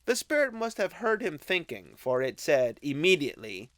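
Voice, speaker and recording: A man narrating a classic novel as an audiobook, with expressive, unhurried storytelling. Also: on the high side, no room sound. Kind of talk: scripted narration.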